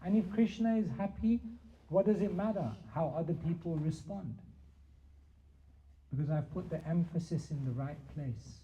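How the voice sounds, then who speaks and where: Mellow-voiced man teaching, dull lo-fi. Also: a little high, a little hiss or hum. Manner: measured, repetitive emphatic phrasing. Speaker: spiritual teacher answering questions. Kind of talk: Q&A teaching talk. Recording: dull lo-fi sound.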